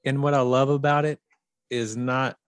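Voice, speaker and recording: A man's voice: medium pitch, level tone, moderate pace, clean tone, dry recording, clean studio sound. A man hosting a podcast, wrapping up an interview with enthusiastic, encouraging praise for his guest. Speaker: podcast host. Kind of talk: casual interview talk.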